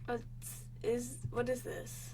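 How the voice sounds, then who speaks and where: Excitable high-voiced young woman gamer. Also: slow pace, a little hiss or hum. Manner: excitable, gasping, panicky exclamations. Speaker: gaming channel host. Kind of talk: let's play commentary.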